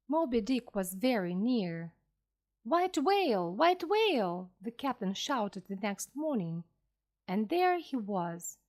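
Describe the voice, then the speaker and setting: A woman narrating a classic sea story slowly and clearly for English learners. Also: fairly high pitch. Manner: clear, careful and expressive. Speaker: audiobook narrator.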